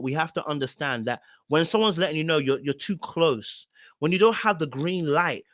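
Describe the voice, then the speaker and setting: A man's voice: a little high, a bit bright, no echo, clean studio sound. Emphatic man hosting a reaction show. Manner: emphatic, blunt and repetitive, hammering points home. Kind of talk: reaction commentary on a reality show.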